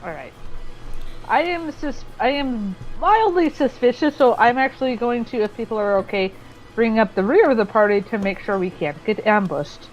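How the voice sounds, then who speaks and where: Mulher, jogadora de RPG de mesa, voz um tanto aguda, tom irônico e comedido. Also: female voice, a little high, animated, moderate pace, faint music behind, low-quality recording. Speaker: player. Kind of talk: casual tabletop chat.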